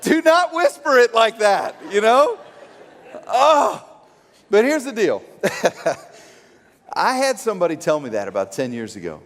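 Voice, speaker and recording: A man preaching a sermon as pastor, an animated, joking storyteller who acts out quotes. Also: high voice, slow, pauses often. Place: church sanctuary. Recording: long church hall reverb.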